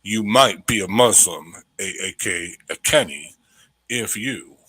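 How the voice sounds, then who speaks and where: A man reading a joke sponsor ad in a put-on deeper radio announcer voice. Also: lively intonation, measured pace, bright, forceful tone, breathy edge, dry recording, heavily acted.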